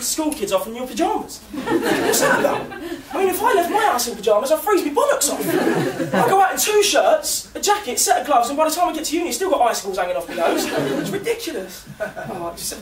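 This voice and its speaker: A young man from London doing a stand-up comedy set, chatty and self-mocking, often laughing at his own lines. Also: very high voice. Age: young adult. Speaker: student comedian. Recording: echoey room, distant mic, noisy.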